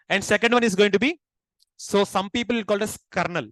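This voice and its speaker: Indian man, high voice, lecturing a class and quizzing students, dry close recording. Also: fast talker, fairly bright tone, no room sound, low-quality recording. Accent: Indian English. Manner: asks the class questions and repeats key points. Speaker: teacher.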